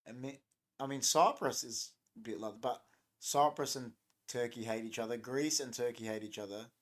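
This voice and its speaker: A man's voice: medium pitch, normal speed. Rambling man on a livestream. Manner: rambling, joking, reacting to chat comments. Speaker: livestream host. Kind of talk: casual live-stream chat.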